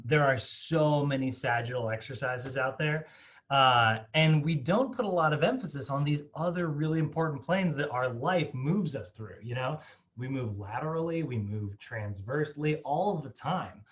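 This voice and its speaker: A man teaching a fitness class online, casual and upbeat, sprinkling his talk with fillers and quick laughs. His voice comes through a dull, lo-fi video call line. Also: medium pitch, a bit bright. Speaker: fitness instructor.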